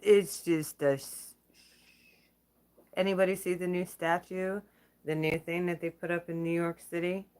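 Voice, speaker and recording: A woman's voice: lowish voice, steady tone, measured pace, pauses often, darkish tone, clear, resonant tone. A woman hosting her own channel, talking in a blunt, profane, casual vlog rant and laughing between remarks. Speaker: channel host.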